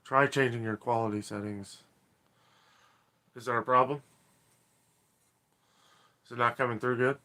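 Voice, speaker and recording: Man, live stream host, casual chatter, reads viewer comments aloud, clear bright tone, average pitch. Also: steady tone, unhurried, long pauses. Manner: rambling, chatty, apologetic, laughs often.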